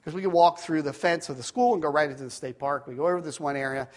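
With a fairly high pitch and a fast pace, a middle-aged man preaches through a personal tale, often restarting and wandering into asides. For the weighty parts, he goes quiet.

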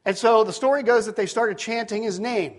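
Pastor, man in his 50s, higher-pitched voice, animated sermon delivery with loud peaks and hushed drops. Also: a little fast. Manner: animated storytelling, rising to shouts at peaks, dropping to near-whispers; self-deprecating asides.

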